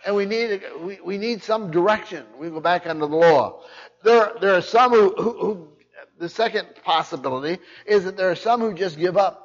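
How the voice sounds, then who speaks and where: An older pastor preaches with a fairly high voice, pressing his points hard and circling back over his words as he goes. The recording sounds muffled and low-fidelity. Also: moderate pace. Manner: repeats words and restarts, emphatic. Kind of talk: sermon.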